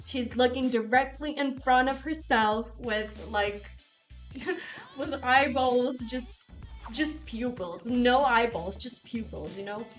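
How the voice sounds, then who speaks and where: A young woman chatting casually with live viewers, telling stories with animated, loose delivery and casual swearing. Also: fairly high pitch, slow, faint music behind. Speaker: casino streamer.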